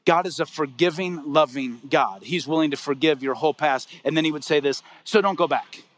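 A middle-aged male pastor preaching a sermon to a congregation, telling a personal story with emphatic swings between soft and raised delivery. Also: a little high, a little fast.

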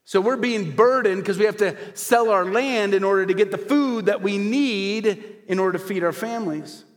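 A high-voiced man preaches in an animated, rising-and-falling delivery, throwing rhetorical questions out to his congregation. His voice rings with a long hall reverb around him. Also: moderate pace. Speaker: pastor. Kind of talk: sermon. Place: church hall before a congregation.

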